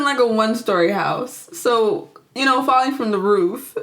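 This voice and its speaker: With a slightly high, somewhat bright voice at a moderate pace, this young woman YouTuber gives a casual film recap. Giggly and talkative, she leans heavily on "like" and performs the characters' parts.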